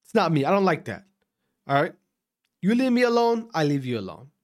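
A vlogger from Wisconsin, USA, rants casually to camera in a voice on the high side, sing-song and brisk. He's profane and repetitive, often restarting and repeating his phrases.

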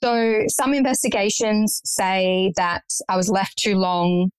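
Earnest young woman guest, reflective storyteller, mid-pitched, dry close sound. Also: takes it slowly, clean tone, dry recording, poor audio. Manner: earnest, reflective, matter-of-fact. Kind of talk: personal story in conversation.

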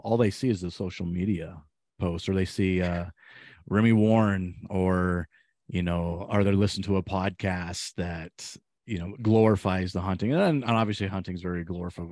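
A man's voice: deep voice, moderate pace, dry recording, clean studio sound. A man hosting a podcast, talking earnestly and acting out quotes as he tells stories. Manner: earnest, animated, acts out quotes. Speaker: podcast host. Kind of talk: casual podcast chat.

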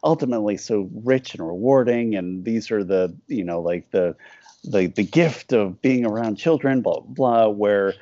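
A man's voice: lowish voice, moderate pace, mellow, no room sound, highs cut off. A man being interviewed about his cartoons. He talks casually and rambles, breaking off often and acting out little quoted exchanges. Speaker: cartoonist guest.

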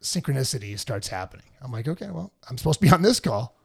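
Husky and fast, with vocal fry in a mid-range voice, this man co-hosts a casual spiritual podcast. He tells lively stories, voicing the other characters himself.

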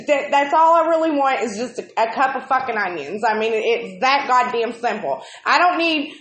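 Woman, slightly high pitch, foul-mouthed and exasperated, roomy echo. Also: expressive, moderate pace, hardly any pauses, fairly bright tone. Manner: swears constantly, ranting and exasperated. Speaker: co-host of a live video chat. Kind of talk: casual profane storytelling.

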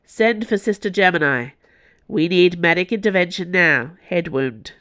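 A woman's voice: on the low side, expressive, measured pace, fairly bright tone. A woman voicing a strong warrior nun who speaks grimly and curtly. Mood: commanding. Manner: grim and curt.

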